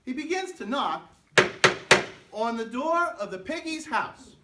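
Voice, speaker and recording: A woman narrating a school play, reading the stage directions aloud in a slow, lively storytelling way. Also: high voice, heavy background noise. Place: school auditorium. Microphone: far camera. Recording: echoey hall recorded from far off.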